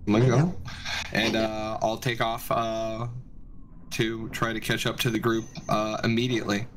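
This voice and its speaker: A man's voice: lowish voice, steady tone, unhurried, crowd noise, rough recording. A man playing in a tabletop game, joking and rambling casually. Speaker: player.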